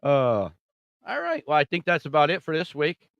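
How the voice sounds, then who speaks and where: A man co-hosting a sports podcast with a relaxed, easygoing manner. His pitch moves around a lot as he talks. The recording is dry and close. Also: gravelly, smooth, dry recording, muffled recording. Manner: easygoing, quick to laugh along. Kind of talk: casual sports chat.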